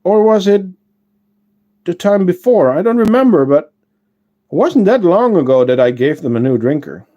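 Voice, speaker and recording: A man hosting a casual livestream, chatting with viewers and answering their comments, unhurried and full of fillers and self-corrections. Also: high-pitched, big pitch swings, dark tone. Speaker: ant-keeping channel host and shop owner.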